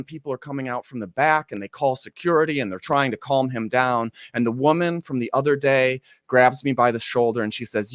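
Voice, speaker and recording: A man telling a personal story on stage, animated, acting out the people he quotes with sudden jumps in voice. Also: mid-range voice, a little fast, hardly any pauses, no room sound, clean studio sound.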